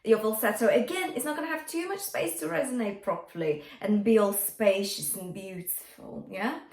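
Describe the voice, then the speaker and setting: Higher-voiced woman vocal coach, roomy sound. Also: normal speed, darkish tone. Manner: encouraging, checks in often with "okay?". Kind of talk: singing lesson with demonstrations. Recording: echoey room with faint music.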